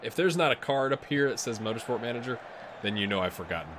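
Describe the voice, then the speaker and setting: A man doing a tired but excitable, jokey play-by-play while he plays a game on video, with asides to his viewers. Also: mid-range voice, quick pace, noisy background. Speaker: gaming YouTuber. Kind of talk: let's play commentary.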